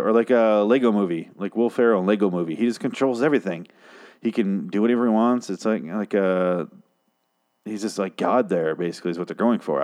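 A man's voice: fairly low pitch, a little mellow. A man casually recapping a TV episode, rambling and swearing, mocking himself as he goes. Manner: profane, rambling, self-mocking. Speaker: show recapper.

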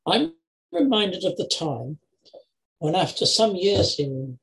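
An older man preaching an earnest sermon over a video call, with measured phrasing and emphatic repetitions. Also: high-pitched, very animated, vocal fry, rough recording. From England, Lincoln. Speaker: lay preacher.

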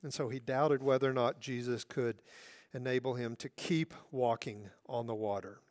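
A male pastor preaching a sermon in an earnest way, now and then dropping to a soft hush for emphasis. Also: mid-range voice, steady tone, moderate pace.

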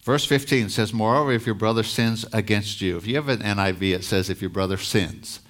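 A man preaching a Sunday sermon in a fairly low voice. He reads scripture aloud and stops to explain it plainly. His force rises on the lines he wants to land. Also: a little fast, fairly bright tone. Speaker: pastor.

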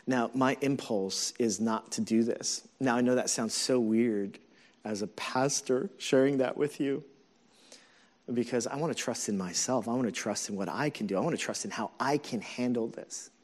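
A man's voice: medium pitch, moderate pace, a little mellow. A man in his forties, a pastor, preaching a sermon in a candid, conversational storytelling way with many fillers.

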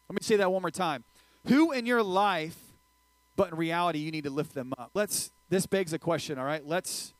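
Male pastor mid-sermon, playful and animated, close dry mic. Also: fairly high pitch, no room sound, poor audio. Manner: lively, joking, swings loud and quiet.

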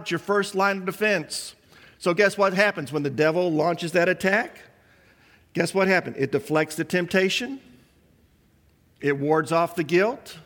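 A man with a high-pitched voice delivers a sermon, asking his listeners question after question. His voice carries a long reverb, as if from a large hall. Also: fairly bright tone. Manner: preaching with many rhetorical questions to the congregation. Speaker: pastor.

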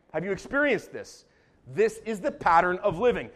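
A man preaching a sermon as pastor, joking and animated, moving between calm asides and loud bursts. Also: sits high, moderate pace.

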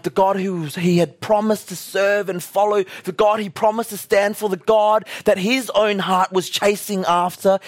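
A young male preacher with a notably high voice, telling the story loosely and casually. He slips into acted-out quotes as he goes, keeping the sermon conversational. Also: no room sound.

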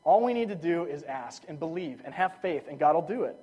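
A man's voice: a little high, expressive, a little fast, slightly rough, highs cut off. A young man preaching a sermon, telling stories in a casual, enthusiastic way with lots of fillers. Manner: casual, enthusiastic storytelling with frequent "like".

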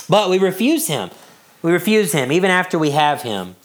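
A male pastor delivers a sermon with a lively, swinging pitch. He laughs often and pushes his voice higher when he gets worked up. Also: normal speed.

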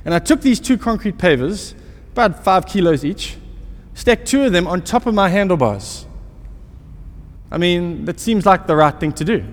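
A man's voice: high voice, lively intonation, moderate pace. A man preaching a sermon, telling a self-mocking story and asking the listeners rhetorical questions. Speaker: pastor. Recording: long hall reverb.

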